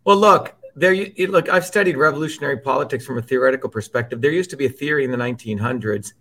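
A man's voice: medium pitch, quick pace, a bit bright. A man as an interview guest, talking politics in a heated, profane and emphatic way.

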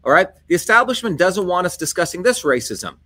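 A man's voice: sits high, very animated, brisk, bright, forceful tone. A man giving an impassioned, repetitive political monologue straight to his viewers, rallying them with emphatic points. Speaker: political speaker.

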